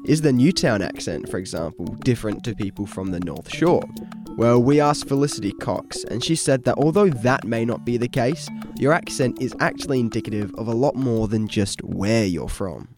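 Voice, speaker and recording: A man's voice: medium pitch, animated, normal speed. Man hosting over music. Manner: puzzled, inquisitive. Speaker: radio co-host. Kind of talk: scripted radio narration.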